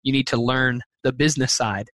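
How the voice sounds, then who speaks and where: A man's voice: mid-range voice, fairly even intonation, fairly quick, a bit bright, no room sound. A man being interviewed as a teacher and speaker, answering earnestly and thoughtfully, with frequent fillers and restarts.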